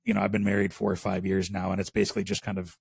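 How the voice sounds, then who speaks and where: A man's voice: low voice, very fast, vocal fry, slightly rough, no room sound. A man from the Chicago area with a Chicago accent, chatting casually as a podcast guest and rambling with plenty of fillers. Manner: relaxed, rambling with many fillers. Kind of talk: casual interview chat.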